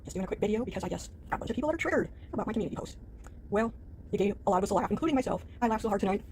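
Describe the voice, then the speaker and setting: A woman's voice: medium pitch, animated, racing, a little mellow, slight background noise. A woman vlogger in a casual video, dismissive and defiant, laughing off the complaints against her. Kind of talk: casual vlog rant.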